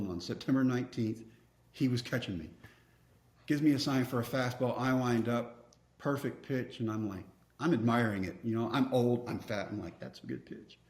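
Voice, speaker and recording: Wry storytelling man in a roomy space. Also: medium pitch. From Texas. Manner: animated storyteller acting out quoted dialogue, wry self-mocking humor. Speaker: podcast guest, former pitcher. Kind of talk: storytelling in a podcast interview. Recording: roomy echo.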